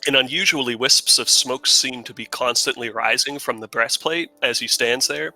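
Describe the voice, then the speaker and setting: A man's voice: mid-range voice, moderate pace, pushed and bright, faint music behind, poor audio. A man at a tabletop game, describing his new character in long, vivid detail. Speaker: player.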